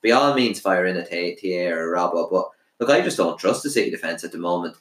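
A man's voice: low voice, animated, a bit bright. A man co-hosting a casual football podcast, giving firm opinions and listing players. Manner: opinionated, lists players rapidly. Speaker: podcast co-host. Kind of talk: casual sports podcast chat. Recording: roomy echo.

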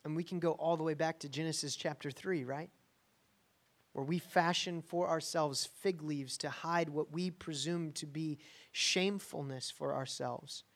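A man preaching a sermon in a conversational, emphatic way, often checking in with the listeners. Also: fairly high pitch. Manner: emphatic, conversational, frequent "right?" asides. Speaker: pastor.

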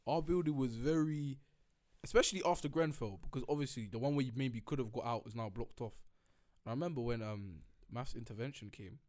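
A young man, chatting casually on a podcast and acting out school stories with lively impressions. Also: medium pitch. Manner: animated storytelling, acts out teachers shouting. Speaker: podcast host. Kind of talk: casual chat.

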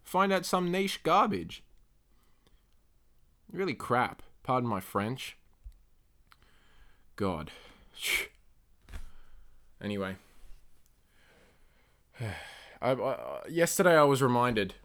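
A man hosting his own solo podcast, rambling and swearing through rants that flare up loud and high when he gets angry. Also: sing-song, extremely slow, pauses often. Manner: rambling, profane, ranting. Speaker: podcast host.

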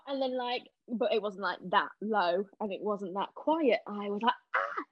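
A young woman chatting casually as a podcast guest, telling animated stories and acting out what people said. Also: medium pitch, measured pace, no echo. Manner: animated storyteller, acting out quotes. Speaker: podcast guest, stage actress. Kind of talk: casual chat. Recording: dull lo-fi sound.

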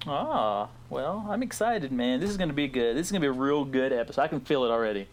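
Excitable, jokey man co-hosting a podcast. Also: mid-range voice, quick pace, slight background noise. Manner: excitable and jokey, laughs often. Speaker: podcast co-host. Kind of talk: casual podcast chat.

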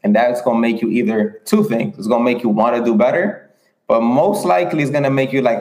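Male motivational speaker, earnest and rhetorical, mid-pitched, recorded in an echoey room. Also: fast, creaky, darkish tone. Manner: earnest, repetitive, rhetorical questions. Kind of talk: motivational livestream talk.

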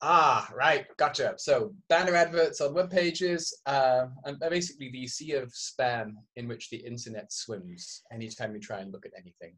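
A man's voice: mid-range voice, moderate pace, hardly any pauses, a bit bright. A man with a mixed English and Canadian accent co-hosting a podcast in a casual chat on a studio microphone. He jokes about himself and repeats his first words as he gets going. His voice sits in the middle of the male range. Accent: mix of English and Canadian. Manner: joking, self-mocking, repeats words when starting. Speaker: podcast co-host.

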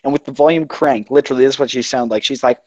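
A young man from Canada telling a work story in casual chat, animated and swearing, mimicking customers. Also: medium pitch, rapid-fire, dry recording. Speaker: friend in group chat.

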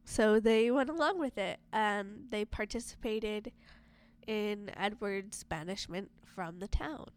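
A woman's voice: medium pitch, slow pace, smooth. A young woman casually discussing a movie, chatty and full of filler words.

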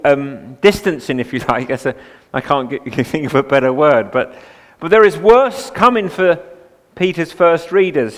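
A pastor preaching a sermon, moving between relaxed asides and emphatic, rising passages. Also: male voice, a little high. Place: church. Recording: long hall reverb.

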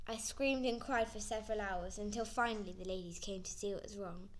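A woman's voice: medium pitch, fairly quick. A woman reading a first-person story aloud in an earnest, plain way. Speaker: narrator.

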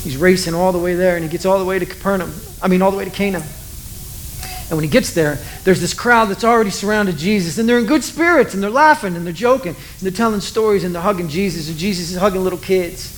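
A man's voice: high-pitched, fast, slight background noise, low-quality recording. A man preaching a sermon in a loose, conversational storytelling way, full of asides to the audience. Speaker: pastor.

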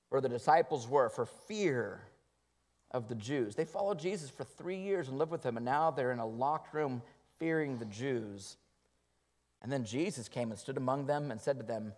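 A man preaching a sermon at a mid-range pitch. His delivery is earnest, rising to loud emphasis and then falling to quiet, hushed lines. The recording carries the long reverb of a church hall. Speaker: pastor. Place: church sanctuary.

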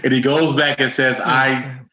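A man's voice: medium pitch, flat delivery, a little slow, pushed and bright. A man co-hosting a casual Bible discussion, chiming in with affirmations and echoing the speaker's phrases. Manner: chimes in with affirmations and echoes phrases. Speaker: podcast co-host.

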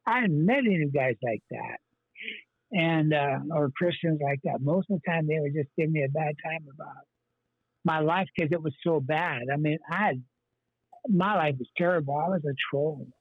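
Husky man with a tinny phone sound. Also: on the high side, moderate pace, dry recording. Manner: rambling and earnest, many fillers and restarts. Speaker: pastor, guest. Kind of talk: telling his life story in an interview.

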